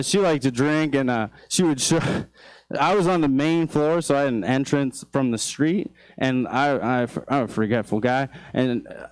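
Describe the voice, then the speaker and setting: A young man performing stand-up on a club stage, with a smooth, clean voice at a middle pitch and a close, dry sound. He rambles through his stories with plenty of "uh"s and restarts, then his voice leaps high and loud when he acts out his own shocked reactions. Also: no room sound. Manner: loose, rambling storytelling with frequent fillers and restarts; jumps high and loud for exasperated quoted outbursts. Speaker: stand-up comedian. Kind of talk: stand-up comedy set.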